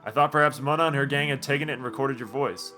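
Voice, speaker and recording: A man voicing a gentle, courteous three-headed male dragon from a game, speaking formally and politely, lower and quieter than his own voice. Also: quick pace, over music, close to an everyday voice.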